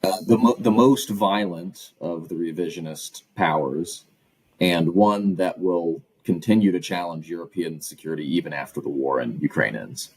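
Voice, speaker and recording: Guest academic, male, low husky voice, measured and analytical. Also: no room sound, low-quality recording. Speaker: guest author and professor. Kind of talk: interview answers.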